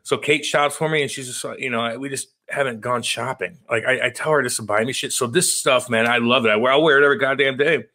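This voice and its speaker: A man's voice: medium pitch, sharp tone. A man co-hosting a podcast, joking and swearing freely as he tells rambling stories. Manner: rapid, profane, joking storyteller. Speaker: podcast co-host. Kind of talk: casual podcast banter.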